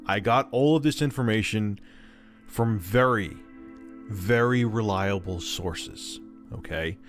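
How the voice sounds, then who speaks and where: A man's voice: on the low side, slow pace. A man making a video, ranting to camera in an indignant, self-righteous way. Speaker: video creator. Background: clear background music.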